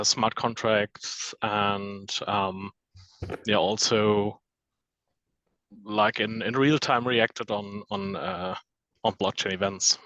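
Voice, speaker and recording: Slow, bright-voiced man on a dry line. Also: lowish voice, no room sound, rough recording. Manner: slow and hesitant, searching for words. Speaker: developer at a consulting firm. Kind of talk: casual self-introduction on a video call. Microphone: video call.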